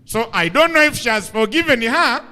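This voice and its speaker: A man's voice: very high-pitched, moderate pace, in a large hall. A man, giving a comic storytelling talk from a stage microphone. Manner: animated, playful storyteller. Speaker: motivational speaker.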